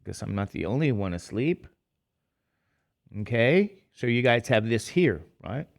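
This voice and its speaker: A man's voice: mid-range voice, very animated, measured pace, creaky. A middle-aged man teaching math in a casual lecture, tired and rambling, with chatty self-deprecating asides. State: tired, sleepy.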